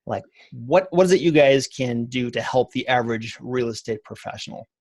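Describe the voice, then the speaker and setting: A man's voice: mid-range voice, moderate pace, darkish tone, dry recording. Casual male podcast host, dry sound. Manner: conversational, loose with fillers like "like". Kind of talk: casual interview chat.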